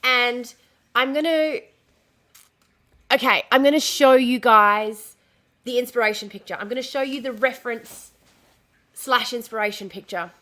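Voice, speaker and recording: A woman's voice: a little high, unhurried, long pauses, bright, forceful tone. A woman live-streaming casually from home, talking in a chatty, easily distracted way, swearing and restarting her sentences.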